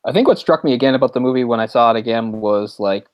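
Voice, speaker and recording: A man's voice: mid-range voice, quick pace, smooth, no room sound, muffled recording. Rambling man in casual movie chat. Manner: rambling, laughs often, searches for words. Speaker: podcast co-host.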